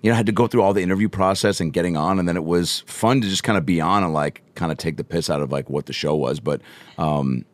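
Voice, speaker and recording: A low-voiced man hosts a loose, joking conversation, spinning stories with playful asides. The sound is close and dry, with no room around it. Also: quick pace, no echo. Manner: storytelling, playful voice impressions. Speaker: podcast host. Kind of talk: casual chat.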